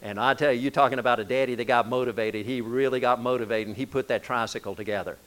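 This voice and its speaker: A male pastor delivering a sermon in a relaxed, conversational style. He tells stories and talks to the congregation plainly, often restarting a phrase mid-thought. His voice sits in an ordinary middle pitch for a man. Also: fast talker, poor audio. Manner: conversational storytelling preacher, frequent restarts.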